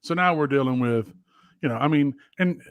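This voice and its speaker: A middle-aged man co-hosting a podcast from his home office, telling crude stories in an animated, swearing way. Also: mid-range voice, normal speed, smooth, dry recording. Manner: profane, animated storyteller. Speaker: podcast co-host. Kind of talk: casual chat.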